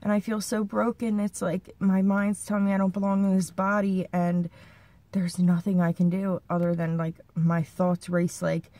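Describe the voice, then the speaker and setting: A woman's voice: lowish voice, flat delivery, normal speed, mellow, dry recording. A young woman talking anxiously and rambling in a personal vlog, sounding shaken and near tears. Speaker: vlogger.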